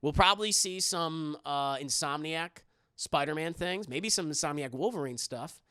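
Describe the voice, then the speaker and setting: A man's voice: on the high side, normal speed, bright, forceful tone, smooth, no echo, studio quality. A young adult man on a live stream, chatting casually and reacting to viewers' comments in a rambling way, often restarting his sentences.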